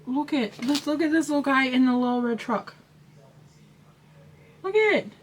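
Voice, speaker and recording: A woman's voice: high voice, steady tone, fairly quick, a little hiss or hum. A woman craft vlogger chatting casually about her haul, gushing and rambling with lots of fillers and restarts.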